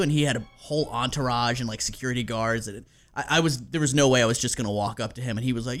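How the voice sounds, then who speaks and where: A man hosting a podcast, telling a story in casual chat, animated and laughing, with casual swearing and plenty of fillers. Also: mid-range voice, quick pace, faint music behind.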